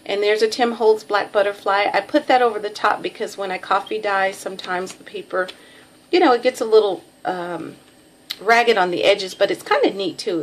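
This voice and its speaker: Over slight background noise, a middle-aged woman speaks in a medium pitch and a Texan drawl while showing off a craft package. Her casual, self-deprecating chatter is full of ums.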